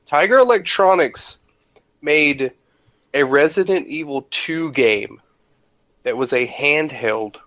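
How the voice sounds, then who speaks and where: A man's voice: on the high side, expressive, slow, long pauses, fairly bright tone, dry recording, low-quality recording. Eager, rambling podcast guy, dry mic. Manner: enthusiastic, rambling, lots of "like". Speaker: podcast co-host. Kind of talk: casual chat.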